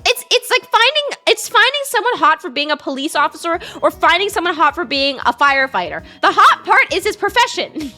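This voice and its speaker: Giggly young canadian streamer girl rambling on, really high bright voice. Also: very animated, brisk, hardly any pauses, faint music behind. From west coast of Canada. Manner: giggly, rambling, lots of restarts and repeats. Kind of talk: casual chat while gaming.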